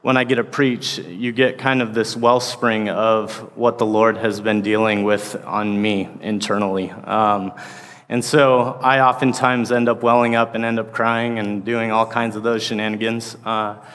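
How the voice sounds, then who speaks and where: A man's voice: on the low side, little pitch movement, measured pace, fairly bright tone. A man in his thirties, an associate pastor, preaching a sermon in a casual, rambling way full of fillers. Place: church sanctuary. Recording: long reverb of a large hall.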